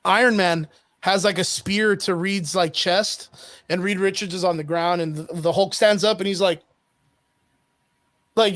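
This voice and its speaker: A man, a guest on a podcast, telling a story in an animated, profane way with lots of fillers. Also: high voice, moderate pace, no echo. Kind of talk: casual chat.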